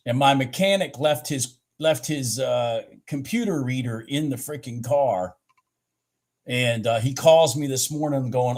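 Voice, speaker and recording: A man hosting a live trading stream, urging his trades on, swearing at the chart and then slowly talking through his morning and setups. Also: medium pitch. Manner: slow, rambling and candid when explaining. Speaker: futures trading livestream host.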